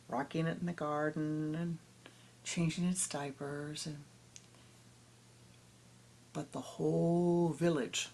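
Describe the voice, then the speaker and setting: A woman spiritual teacher telling a parable in a meditation talk, dramatic and rhythmic, often dropping to a hush. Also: low-pitched, gravelly, a little hiss or hum.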